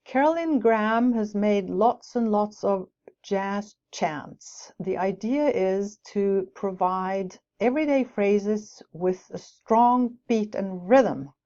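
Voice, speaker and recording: A woman's voice: mid-range voice, darkish tone. A woman giving a lecture on teaching English with rhymes, explaining points with light asides. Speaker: teacher educator. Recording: dull lo-fi recording.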